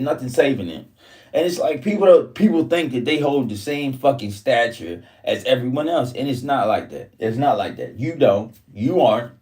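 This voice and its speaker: A man's voice: mid-range voice, a little mellow, distant mic. Profane ranting man, set back from the mic. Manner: profane, repetitive, heated ranting. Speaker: vlogger. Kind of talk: casual ranting monologue.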